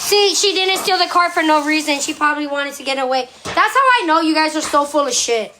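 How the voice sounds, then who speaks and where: A woman's voice: sits high, fairly even intonation, brisk, noisy background. A woman livestreaming a defensive, profane rant at her commenters, firing rhetorical questions and barking commands at her dog.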